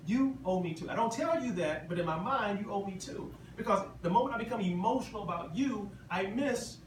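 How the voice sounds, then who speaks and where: Man, motivational speaker, slightly high voice, emphatic, repeats himself, big echoey hall, distant mic. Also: expressive, fairly quick. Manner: emphatic and repetitive, rhetorical questions to the crowd. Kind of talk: motivational convention talk. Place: large convention hall. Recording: echoey hall from far off, ambient noise.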